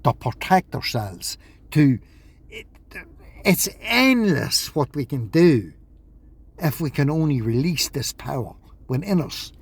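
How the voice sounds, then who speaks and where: A man's voice: on the high side, sing-song, slow, husky. A man talking in a rambling vlog monologue, agitated, swearing and repeating himself. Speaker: vlogger.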